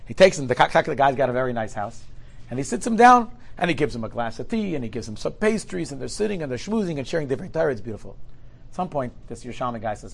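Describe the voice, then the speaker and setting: Fast, gravelly male storyteller. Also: medium pitch. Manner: lively, acts out every quoted speaker. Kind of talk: animated storytelling.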